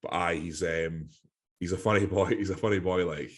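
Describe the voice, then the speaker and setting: A man's voice: low voice, fairly even intonation, normal speed. A Scottish man co-hosting a podcast, chatting casually, swearing and saying "mate" and "aye". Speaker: podcast co-host. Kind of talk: casual chat.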